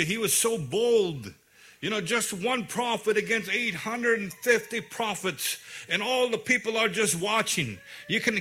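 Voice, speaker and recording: A man's voice: high-pitched, sharp tone. A man preaching a sermon, retelling a scripture story in his own words with many fillers and restarts.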